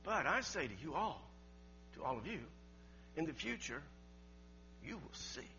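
Bright emphatic preacher man. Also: on the high side, big pitch swings, measured pace. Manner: emphatic preaching, swings from loud to quiet. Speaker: pastor. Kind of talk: sermon. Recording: dull lo-fi sermon recording with faint mains hum.

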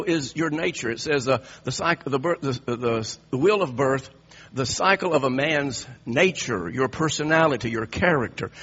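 A man's voice: fairly high pitch, a bit bright, husky, highs cut off. A man preaching a sermon, emphatic and repetitive, restarting phrases as he drives each point home.

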